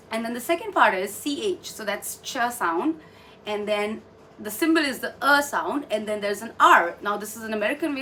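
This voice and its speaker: A woman's voice: fairly high pitch, pushed and bright. Patient woman teaching pronunciation. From India. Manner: patient, explains step by step, repeats words for practice. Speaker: English pronunciation trainer. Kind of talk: online pronunciation lesson. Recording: slightly distant mic with faint background noise.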